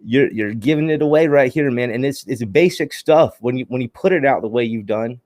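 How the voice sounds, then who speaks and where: A male podcast host talks in a casual, enthusiastic way and keeps turning to speak to his listeners. His voice sits at an ordinary middle pitch. The sound is dry and close to the mic. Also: fairly quick, darkish tone, dry recording. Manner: enthusiastic, talkative, addresses listeners as guys and y'all.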